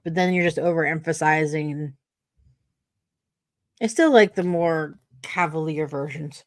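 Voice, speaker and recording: A woman from New Jersey hosts a casual podcast chat. Her voice sits a little low and her delivery is sarcastic and rambling, full of fillers. The recording is close and dry, with no room echo. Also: unhurried. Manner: chatty, sarcastic, many fillers. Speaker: podcast host.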